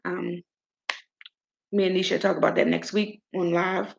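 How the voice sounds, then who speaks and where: A woman hosting her own show, giving an outspoken, animated commentary. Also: lowish voice, a little slow, creaky, lo-fi sound. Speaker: show host. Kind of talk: casual commentary monologue.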